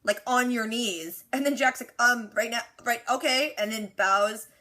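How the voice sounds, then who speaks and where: A young woman casually recapping a TV episode, acting out the characters in quick quoted asides. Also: on the high side, bright, forceful tone. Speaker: reaction video host.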